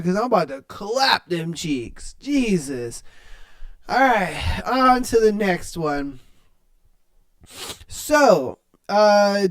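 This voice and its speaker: A male podcast host reading online posts aloud and reacting with blunt, profane slang. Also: high-pitched.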